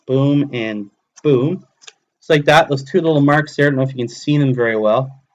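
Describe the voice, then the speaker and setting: A man's voice: medium pitch, moderate pace, lo-fi sound. A man in his thirties casually streaming live from his hobby table at home, talking himself through each step as he builds. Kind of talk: casual live-stream commentary while crafting.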